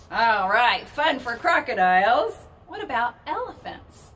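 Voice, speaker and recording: A woman's voice: on the high side, big pitch swings, slow pace, fairly bright tone, recorded from a distance, slight background noise. A woman leading a children's storytime as a librarian, singing rhymes in a sing-song, playful way and roaring with the kids.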